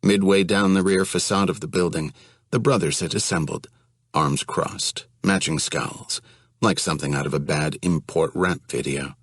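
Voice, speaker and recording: A man reading an audiobook in a steady, even storytelling manner. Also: deep voice, moderate pace, husky, dry recording, clean studio sound. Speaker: audiobook narrator. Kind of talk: audiobook narration.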